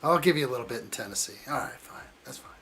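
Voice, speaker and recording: Animated and fast, his mid-range voice sounds pushed and bright. The man runs a live stream building a model kit, reading out viewer comments and trading playful, teasing jokes with chat.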